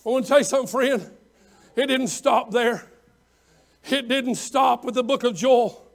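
A man preaching an impassioned revival sermon as pastor, often shouting and calling out members of the congregation by name. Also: very high-pitched, normal speed.

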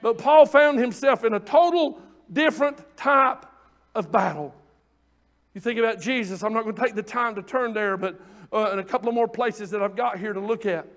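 A man preaching a fervent sermon, rising to shouts and calling out to the congregation. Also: sits high, moderate pace.

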